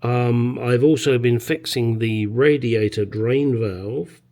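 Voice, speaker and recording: In his home garage, a man chats casually about restoring a car, rambling along, cracking crude jokes and swearing freely. His voice is mid-range, slow and dark in tone, typical of easygoing workshop talk.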